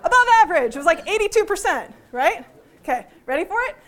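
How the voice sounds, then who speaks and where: A woman teaching a workshop to a live audience, lively and joking, often putting questions to the room. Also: very high-pitched, fast. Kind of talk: interactive workshop talk.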